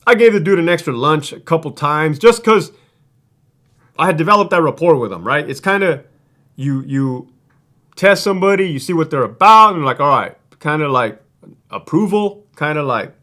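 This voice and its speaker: A man's voice: on the high side, lively intonation, normal speed, pushed and bright. A man who used to be a prison guard tells stories in a casual, profane, streetwise way, rambling and restarting his sentences. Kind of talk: casual storytelling.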